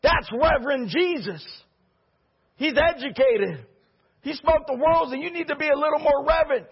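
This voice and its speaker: A man's voice: very high-pitched, moderate pace, muffled recording. A male pastor preaching a sermon with fervor and repeating key phrases for emphasis.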